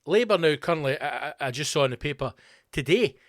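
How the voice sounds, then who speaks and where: A man's voice: a little high, fast talker, no echo, clean studio sound. Sweary man ranting sarcastically. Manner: sarcastic, sweary, animated rant. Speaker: podcast host. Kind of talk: ranting comedic monologue.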